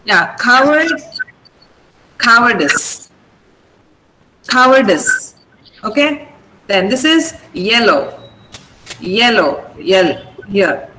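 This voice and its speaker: Woman, Indian English accent, fairly high voice, patient pronunciation drills, video call mic. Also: sing-song, sharp tone, a little hiss or hum, rough recording. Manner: patient, repeats words slowly for drilling. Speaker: English teacher. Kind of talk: online pronunciation lesson. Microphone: computer mic on a video call.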